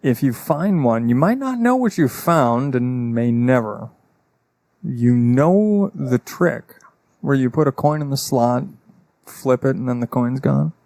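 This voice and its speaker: A man's voice: mid-range voice, expressive, measured pace, warm tone, no room sound, studio quality. A man running a tabletop game as game master, explaining rules with fillers like "uh".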